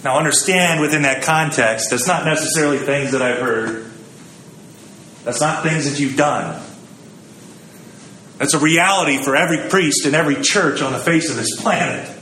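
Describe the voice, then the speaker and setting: A man's voice: fairly high pitch, normal speed, pushed and bright, slight background noise. Guy preaching, chatty storyteller, does little voices for quotes, echoey room. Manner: conversational, storytelling, acts out quotes. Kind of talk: sermon.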